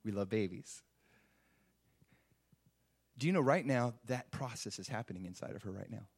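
A man's voice: lowish voice, normal speed, slightly rough. A man preaching a sermon, emphatic and full of rhetorical questions. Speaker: pastor.

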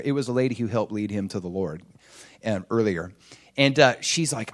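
A man preaching, telling a story in an animated way, chuckling and acting out what people said. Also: mid-range voice, brisk. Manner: animated, chuckling storyteller who acts out quotes. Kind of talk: sermon storytelling.

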